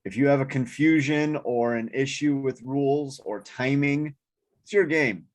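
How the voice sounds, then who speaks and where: A man's voice: mid-range voice, normal speed. Tired man explaining game tips. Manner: steady, explanatory, tired from little sleep. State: sleepy, yawning. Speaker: board game group member. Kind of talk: casual group discussion.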